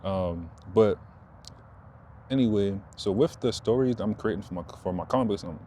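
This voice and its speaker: A man talking casually to his audience outdoors, rambling and repeating himself, perking up when excited. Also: on the low side, moderate pace, a little hiss or hum. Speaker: vlogger. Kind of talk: casual talk to camera.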